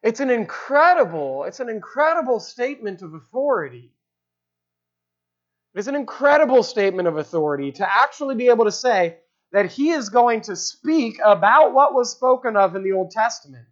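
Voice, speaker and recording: Preacher, expository sermon, explanatory, repeats phrases for emphasis, mid pitch, dull lo-fi recording. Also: sing-song, normal speed.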